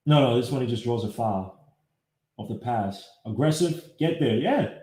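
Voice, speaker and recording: A man hosting a casual live-streamed sports podcast, breaking down game clips and greeting viewers by name in an animated way. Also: mid-range voice, normal speed. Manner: talks while fumbling with his computer. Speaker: podcast host. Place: home setup, live streaming. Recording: echoey room.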